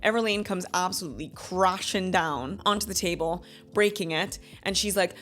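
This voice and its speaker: A woman in her thirties hosting a book club review in a chatty, animated way, laughing often and acting out quotes. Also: on the low side, normal speed. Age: 30s. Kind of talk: casual book review chat.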